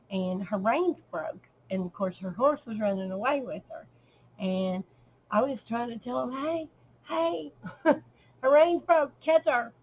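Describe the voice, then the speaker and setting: A soft-spoken middle-aged woman, a crafter, casually narrates as she shows off a handmade journal. She talks unhurriedly in a mid-range voice, with lots of ums and trailing pauses, on a rough recording with slight background noise.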